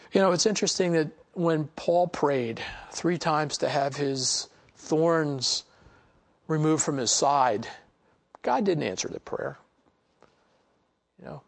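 A man's voice: on the high side, creaky. A man teaching a Bible study, reading passages aloud and commenting on them in a conversational way, with frequent "you know" asides.

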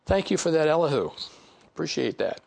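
A man's voice: fairly high pitch, big pitch swings, fairly quick, creaky, a little mellow. A man teaching a Bible study, reading passages aloud and commenting on them in a conversational way, with frequent "you know" asides.

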